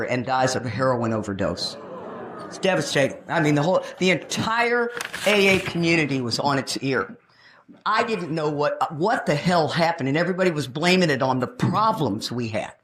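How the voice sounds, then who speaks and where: A woman in her sixties from Texas, telling her own recovery story at a meeting in a frank, animated storytelling way with touches of humor. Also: low-pitched, slight background noise. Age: 60s. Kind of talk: personal testimony at a recovery meeting. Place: meeting room.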